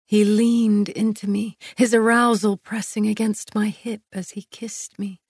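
A woman narrating a sensual first-person audiobook, soft and intimate, often near a whisper. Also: medium pitch, flat delivery, unhurried, breathy edge, no room sound, clean studio sound.

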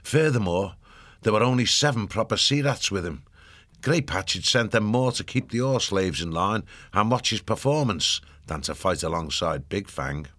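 Close-miked in a studio, a lowish-voiced man reads an audiobook at an even, measured storytelling pace, and the recording is dry.

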